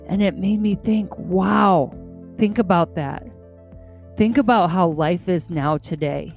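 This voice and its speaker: A woman hosts her podcast in a slow, unhurried monologue, her voice sitting fairly low. She sounds earnest and heartfelt and repeats key words for emphasis. Soft music plays faintly underneath. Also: gravelly. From United States. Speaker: podcast host. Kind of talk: casual monologue.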